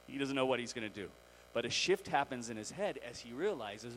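A male pastor with a mid-pitched voice tells a story in lively fashion, dipping into the characters' voices as he goes. A faint hum sits under his preaching. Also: brisk, low-quality recording. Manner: animated storytelling, acting out the characters. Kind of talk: sermon.

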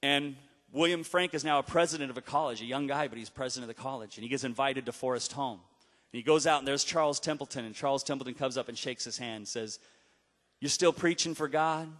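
A man preaching a sermon, telling a story with dramatic pauses and acted-out quotes. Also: mid-range voice, fairly even intonation, a bit bright. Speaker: pastor. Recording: long hall reverb.

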